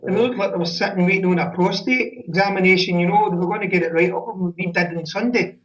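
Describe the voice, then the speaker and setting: A man's voice: high-pitched, fast, fairly bright tone, distant mic, rough recording. A Scottish man calling in to a football podcast, blunt, sweary and rambling. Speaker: caller. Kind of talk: casual football chat.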